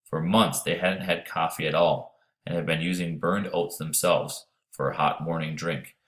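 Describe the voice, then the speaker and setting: A man with a very deep, low voice reads an audiobook chapter aloud. His delivery is steady and measured, and he tells the story plainly. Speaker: audiobook narrator. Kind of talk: audiobook narration.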